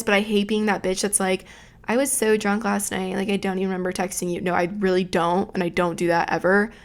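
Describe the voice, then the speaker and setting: A young woman in her early twenties hosting a casual storytelling podcast, talking in a chatty, profane way. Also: medium pitch. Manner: chatty and profane, retelling a night out. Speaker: podcast host.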